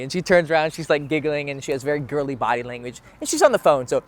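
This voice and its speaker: A man's voice: fairly high pitch, animated, quick pace. A young man, a dating coach, talking candidly to camera outdoors in a casual, conversational way, swearing freely. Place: outdoors near a bench.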